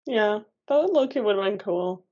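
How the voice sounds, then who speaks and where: A woman's voice: mid-range voice, a little slow, slightly rough. Chatty young woman, lo-fi sound. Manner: chatty and animated, laughs often, says "like" a lot. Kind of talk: casual book discussion chat, reading passages aloud.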